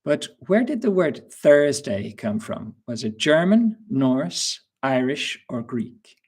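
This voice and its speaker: Male teacher, husky voice, slow and patient, quizzing an online class. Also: medium pitch, very animated, a little mellow. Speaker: English teacher. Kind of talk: live webinar lesson.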